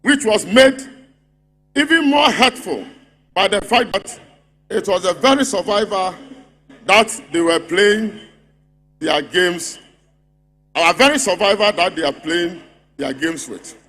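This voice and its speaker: Ghanaian guy giving a fiery party congress speech, pretty high voice, big hall echo, mocking and repetitive. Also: expressive, measured pace, fairly bright tone. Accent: Ghanaian English. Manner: rhetorical, mocking, repeating a refrain. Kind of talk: political rally speech. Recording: long reverb of a big hall.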